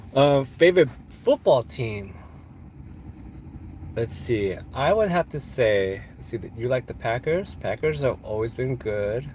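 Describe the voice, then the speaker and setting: A Californian man hosts a casual livestream, rambling, joking and laughing often as he answers questions from chat, his nose stuffed up from allergies. He speaks slowly at medium pitch with lively intonation and a slightly mellow tone. A little hiss or hum sits under the recording.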